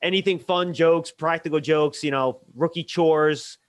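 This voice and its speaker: A man's voice: a little high, steady tone, a little slow. A man hosting a casual interview, asking long, conversational questions. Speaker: interviewer, host.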